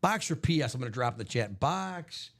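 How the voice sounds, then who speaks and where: A man hosting a live card break stream, upbeat and jokey, reading out names and spots quickly. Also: mid-range voice, expressive, a bit bright.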